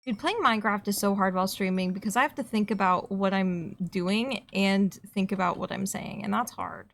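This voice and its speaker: A young adult woman with a Canadian accent talking through a game stream. She rambles from one aside to the next, swears offhandedly, and her voice sits at an ordinary middle pitch. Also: vocal fry, fairly bright tone. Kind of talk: casual streaming chat while gaming.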